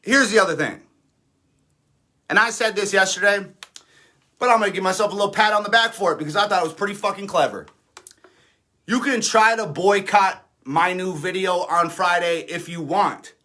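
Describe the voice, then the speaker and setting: A man's voice: high voice, moderate pace, long pauses, pushed and bright. A man in his thirties, an independent rapper, ranting defiantly and sarcastically on a livestream, swearing often. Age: 30s. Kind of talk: livestream rant.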